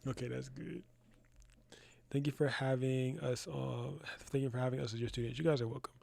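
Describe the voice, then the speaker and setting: A man's voice: medium pitch, steady tone, brisk, vocal fry, heavy background noise. A young man casually hosting a live photography class from his studio, rambling and slangy, calling listeners "bro". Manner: loose, rambling, slangy, says "bro" a lot. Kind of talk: casual live-stream chat.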